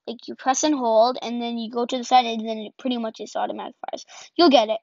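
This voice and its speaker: A woman giving casual gameplay commentary as a channel host, excitable and self-deprecating, yelping and repeating words in bursts. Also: fairly high pitch, fast, gravelly, no echo. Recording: dull lo-fi home recording.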